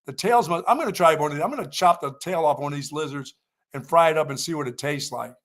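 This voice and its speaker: A man's voice: on the high side, fast, a bit bright. A man co-hosting a sports radio show, telling joking stories in casual chat. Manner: joking storyteller, laughs at himself.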